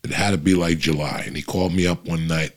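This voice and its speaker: Middle-aged man, very low and husky, casual foul-mouthed monologue. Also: steady tone, quick pace. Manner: profane, rambling, frequent restarts.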